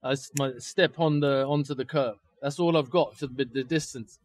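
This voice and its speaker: A man, co-hosting a podcast and animatedly telling a story outdoors, swearing freely and acting out shouted lines. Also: medium pitch, normal speed. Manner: animated, swears a lot, acts out shouted quotes. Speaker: podcast co-host. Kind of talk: casual storytelling. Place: outdoors on location.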